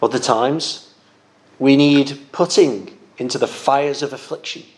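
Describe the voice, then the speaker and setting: A man preaching a sermon in an earnest, gentle pastoral manner, sometimes repeating a word as he goes. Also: medium pitch, unhurried.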